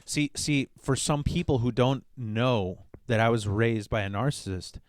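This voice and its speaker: A man's voice: mid-range voice, fairly even intonation, a little slow. A man hosting a podcast, talking in a blunt, profane comic monologue. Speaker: podcast host. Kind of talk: casual comedic monologue.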